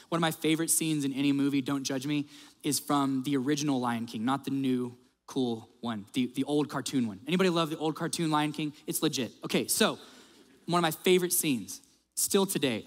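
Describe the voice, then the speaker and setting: A male pastor preaching a sermon, telling stories in a lively way and acting out the quotes. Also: mid-range voice, brisk, big-room sound. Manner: animated storyteller, acts out quotes.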